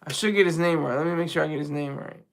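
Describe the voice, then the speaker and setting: A man hosting a casual live commentary stream, animated, often repeating and restarting his phrases. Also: fairly high pitch, quick pace, vocal fry. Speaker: streamer host.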